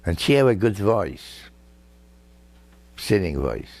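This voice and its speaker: An older man telling family stories in a halting, chuckling way, with many fillers and broken, non-native grammar. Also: deep voice, sing-song, creaky, darkish tone, dry recording. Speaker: grandfather recounting family history. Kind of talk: casual personal storytelling.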